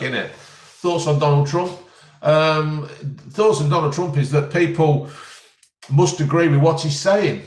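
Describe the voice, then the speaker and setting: Blunt, jokey man, roomy sound. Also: mid-range voice. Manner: blunt and jokey, reads out viewer questions. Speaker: vlogger answering live chat. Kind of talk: casual live-stream Q&A. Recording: roomy and distant from the mic.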